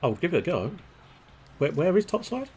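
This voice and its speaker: A man's voice: fairly high pitch, big pitch swings, moderate pace, darkish tone. Male streamer, casual sweary game commentary, faint noise behind. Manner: jokey, sweary, muttering to himself.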